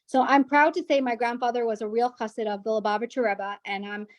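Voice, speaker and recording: A woman's voice: fairly high pitch, steady tone, fast, no echo. A woman speaking as a guest at a women's gathering, telling a personal family story in an earnest way, often restarting and repeating words. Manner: earnest, with frequent restarts and repetitions.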